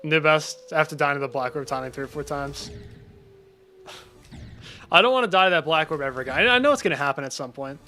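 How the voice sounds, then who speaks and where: A man's voice: fairly high pitch, animated, a little fast, pauses often, pushed and bright, slight background noise. A young man casually commenting on his game during a live stream, chatty and reacting to chat, often breaking off mid-sentence. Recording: faint music behind.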